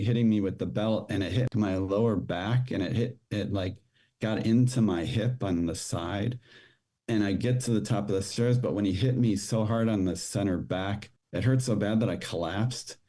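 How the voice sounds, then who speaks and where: A middle-aged man, a podcast guest, telling a personal story in a rushed, halting way with many restarts. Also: on the low side, warm tone.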